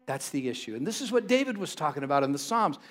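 A man's voice: a little high, sing-song, fast, a bit bright. A man preaching a sermon to a congregation, conversational and playful, often joking with the people in the room. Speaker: pastor.

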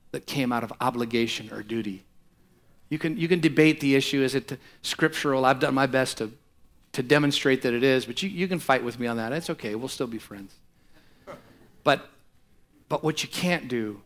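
A middle-aged male pastor preaching a sermon, swinging from conversational asides to impassioned, pleading passages. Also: mid-range voice. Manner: impassioned, rising to near-shouts in prayerful passages.

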